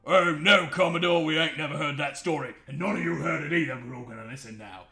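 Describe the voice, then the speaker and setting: A man doing a rough-talking sailor. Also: on the high side, fast talker, echoey room, a crowd in the background, pitched above the performer's own voice. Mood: mock eager. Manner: folksy slang, loud. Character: rough-spoken male sailor, eager crewman.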